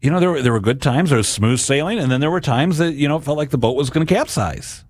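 A man's voice: a little high, expressive, fast, no room sound. A man in his forties giving an earnest, conversational reflection on the gospel, often repeating words as he talks.

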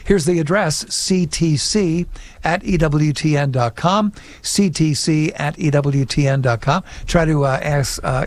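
A man's voice: on the high side, a little slow, soft background music. A man hosting a call-in radio show, reading listener emails and signing off in a friendly, upbeat way. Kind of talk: broadcast hosting.

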